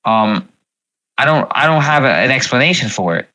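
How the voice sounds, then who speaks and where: A man hosting his own livestream talks in a loose, rambling way, full of fillers, restarts and repeated words. His voice is bright and forward. He sits at a middle pitch for a man. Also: expressive, moderate pace, poor audio. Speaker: livestream host. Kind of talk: casual livestream chat.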